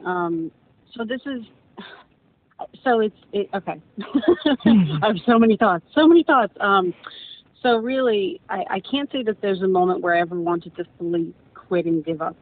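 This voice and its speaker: A woman guest telling her own story in a rambling, earnest way, often repeating words as she gathers her thoughts. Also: normal speed. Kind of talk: casual personal storytelling. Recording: tinny phone-like line with faint rumble.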